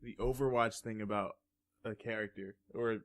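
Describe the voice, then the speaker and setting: A man co-hosting a podcast, chiming in with quick jokes and reminders in casual chat. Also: fairly low pitch, steady tone. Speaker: podcast co-host.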